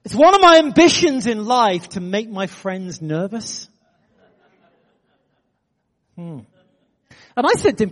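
A man preaching a sermon, telling a story with animated energy. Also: high voice, slow pace, pauses often, long reverb tail. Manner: animated, building excitement in anecdotes.

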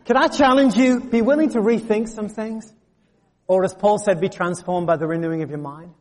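A man preaching a sermon, telling a story with humor and lively asides to the congregation. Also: sits high, normal speed. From England. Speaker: pastor. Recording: long reverb of a large hall.

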